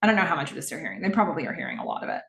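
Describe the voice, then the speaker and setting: A woman's voice: low voice, huge pitch swings, rapid-fire, creaky, fairly bright tone, roomy sound. A woman hosting a podcast, recapping a TV episode scene by scene in the present tense and voicing the characters' lines as she goes. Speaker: podcast host.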